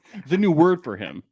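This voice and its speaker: A man's voice: fairly high pitch, vocal fry, mellow, slight background noise. Joking man co-hosting a podcast. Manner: joking, laughs often, acts out quotes. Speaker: podcast co-host. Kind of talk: casual reality TV recap chat.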